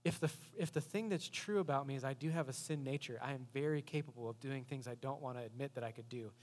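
A man's voice: medium pitch, fast. A man preaching an earnest, conversational sermon, asking the listeners questions and acting out the voices of people he quotes. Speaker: pastor. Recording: long hall reverb.

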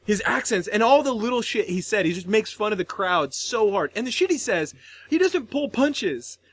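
A man's voice: sits high, normal speed. A man co-hosting a podcast, chatting casually and animatedly, swearing freely and retelling comedy bits. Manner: animated, swearing, mimics accents while retelling. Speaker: podcast co-host. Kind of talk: casual chat.

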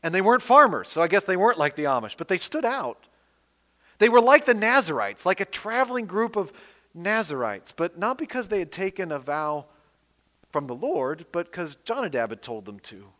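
A man preaching a sermon in an animated, emphatic way, reading scripture aloud with rising and falling emphasis. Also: high-pitched, normal speed. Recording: long hall reverb.

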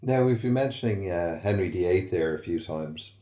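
A man hosting an interview, asking measured questions that frame the topic. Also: sits low, animated, warm tone, roomy sound. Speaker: podcast host.

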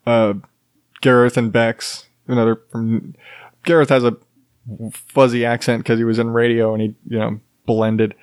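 A man's voice: mid-range voice, level tone, moderate pace, a little mellow, clean tone, dry recording, clean studio sound. A man hosting a podcast alone, rambling in casual chat with many fillers and restarts and chuckling now and then. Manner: chuckles while talking. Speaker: podcast host. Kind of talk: solo casual monologue.

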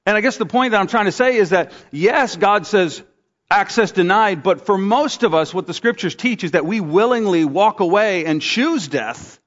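Animated pastor in a reverberant hall. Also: male voice, moderate pace, hardly any pauses. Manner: animated storytelling, acts out quotes with big pitch jumps. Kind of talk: sermon. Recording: dull sound with long hall reverb.

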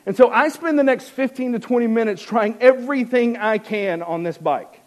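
A man's voice: very high voice, moderate pace. A man telling a wry, self-mocking personal story to an audience, with many restarts.

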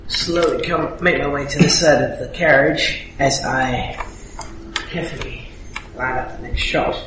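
Male player, measured tone, distant and noisy recording. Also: medium pitch. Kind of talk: describing his character's actions. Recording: distant mic in echoey room with background noise.

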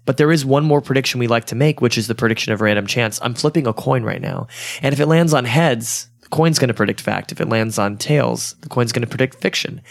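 A man's voice: mid-range voice, creaky, dry recording. A man hosting a casual podcast, joking with friends and leading each round. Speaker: podcast host.

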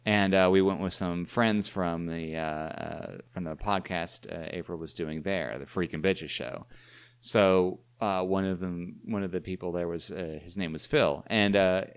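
Deep-voiced hesitant man co-host. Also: fairly even intonation, measured pace, clear, resonant tone. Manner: hesitant, many fillers and restarts. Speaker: podcast co-host. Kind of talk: casual chat.

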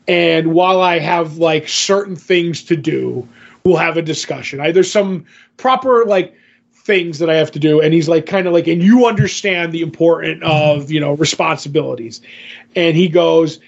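Rambling higher-voiced man, lo-fi sound. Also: moderate pace, gravelly. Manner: rambling, full of fillers and restarts. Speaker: podcast co-host. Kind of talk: casual chat recapping a comic.

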